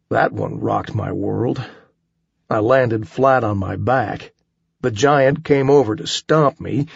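A man narrates a first-person action story in a measured, wry voice. His tone is gravelly and a little husky. It is recorded close and dry, with a dull, slightly muffled sound. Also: mid-range voice, no room sound. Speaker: audiobook narrator.

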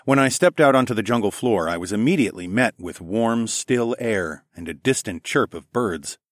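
Low, lively male audiobook narrator. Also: normal speed, dry recording, studio quality. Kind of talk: first-person storybook narration.

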